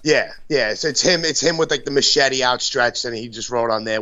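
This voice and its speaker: A man's voice: mid-range voice, a little fast, sharp tone. A man from Brooklyn telling a rambling story in casual chat, full of fillers and swearing. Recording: dull lo-fi sound.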